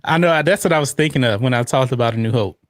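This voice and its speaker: A man's voice: medium pitch, quick pace, no echo, studio quality. A man hosting a podcast, chatting casually through a movie watch-along and reading out viewer comments. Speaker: podcast host.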